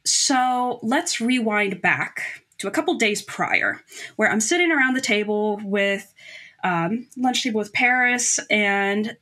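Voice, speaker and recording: A young woman telling a funny personal anecdote as a podcast guest, animated and self-deprecating, laughing often. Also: mid-range voice, slow pace. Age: young adult. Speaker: guest storyteller.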